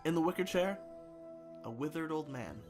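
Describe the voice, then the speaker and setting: A man's voice: a little high, animated, moderate pace, faint music behind. A man co-hosting a comedy podcast, telling an improvised story and laughing at his own jokes.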